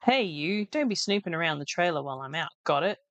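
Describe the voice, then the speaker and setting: A brusque, suspicious woman who warns off snoopers, read by a woman. Her clipped lines come quickly and bluntly, like a prickly game villager. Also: on the low side, animated, no echo, highs cut off, natural voice. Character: brusque woman living in a trailer.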